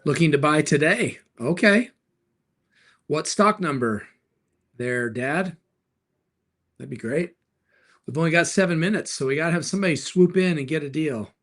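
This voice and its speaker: A man's voice: a little high, expressive, fairly bright tone. A middle-aged man hosting a live stream, answering viewer questions in an upbeat, joking way. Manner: upbeat, jokey, quick replies to chat. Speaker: livestream host and car dealer.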